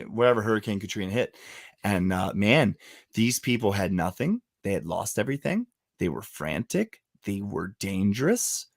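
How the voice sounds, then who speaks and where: A man's voice: lowish voice, no room sound, clean studio sound. A man hosting a podcast, chatting casually and telling stories in a profane, teasing way. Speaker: podcast host.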